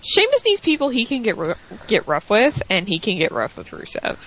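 A woman co-hosting a wrestling recap, chatting casually with animated, joking remarks. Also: fairly high pitch, moderate pace, husky. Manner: animated and wisecracking. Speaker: co-host. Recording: dull lo-fi audio.

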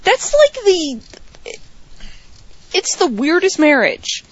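Lively chatty woman co-host. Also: extremely high pitch, slow. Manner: chatty, lots of "like", wry asides. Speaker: podcast co-host. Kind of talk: casual chat. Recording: dry, slightly dull lo-fi sound.

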